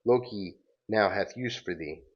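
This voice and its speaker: A man's voice: lowish voice, measured pace, breathy edge, lo-fi sound. A man reading the lines of a scheming male trickster god in archaic, mock-grand phrasing.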